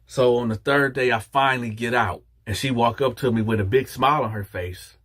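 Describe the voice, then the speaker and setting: A man casually telling a personal story to his viewers, acting out the dialogue with lively jumps in his voice. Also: medium pitch, brisk. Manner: animated, acts out quoted dialogue.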